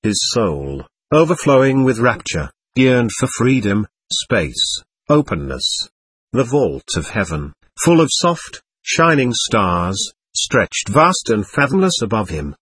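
A man narrating a literary audiobook in an expressive, dramatic reading. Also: mid-range voice, takes it slowly, husky, no room sound.

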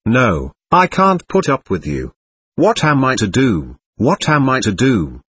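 Male narrator doing a tormented young man, husky, biting, pitch that swings widely. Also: huge pitch swings, a little slow, fairly bright tone, dry recording, exaggerated voice. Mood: exasperated. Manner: agitated, contemptuous. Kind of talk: audiobook reading.

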